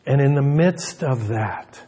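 Slow, earnest male pastor. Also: medium pitch, lively intonation, warm tone, soft background music. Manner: earnest, often repeats words on restarts. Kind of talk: sermon.

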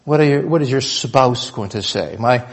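A middle-aged man preaching a sermon in a conversational way, often checking in with the congregation with a quick "right?". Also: medium pitch. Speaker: pastor.

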